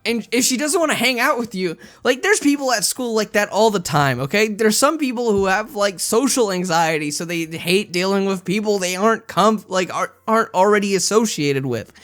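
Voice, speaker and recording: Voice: mid-range voice, a bit bright. Someone reading a visual novel aloud, breaking off into rambling commentary full of "like" and "okay?".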